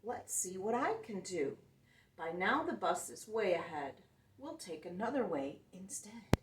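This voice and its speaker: A woman's voice: big pitch swings, a little slow, slight background noise. A woman voicing a plucky little blue truck. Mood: cheerful. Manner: friendly, upbeat, with high honking beeps. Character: cheerful brave little male blue truck. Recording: roomy sound, mic at a distance.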